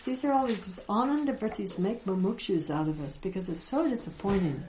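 A woman giving a reflective spiritual teaching talk, gentle and unhurried, with soft laughs and pauses. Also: medium pitch, lively intonation, reverberant, a little hiss or hum, low-quality recording. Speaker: Vedanta teacher.

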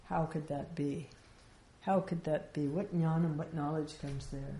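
A woman's voice: sits low, steady tone, unhurried, warm tone, a little hiss or hum. A woman giving an informal spiritual teaching, talking conversationally with rhetorical questions and light laughs. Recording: echoey room with faint ambience.

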